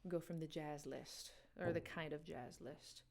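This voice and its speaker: A woman's voice: low-pitched, fairly even intonation, normal speed, creaky, darkish tone. A woman hosting a live music quiz game, chatting casually with viewers and laughing often. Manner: chatty, laughing, talks to chat. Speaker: livestream game host. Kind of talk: casual livestream chat.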